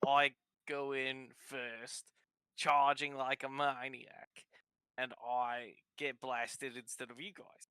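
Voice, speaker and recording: Smooth, bright-voiced man joking in a game. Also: mid-range voice, flat delivery, slow, no room sound, rough recording. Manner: joking, self-deprecating. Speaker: player. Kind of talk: casual tabletop play.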